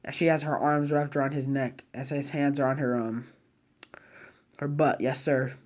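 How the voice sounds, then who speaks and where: A man's voice: mid-range voice, steady tone, normal speed, a little mellow. A man narrating a fan-made story casually, chaining run-on clauses with slang and fillers.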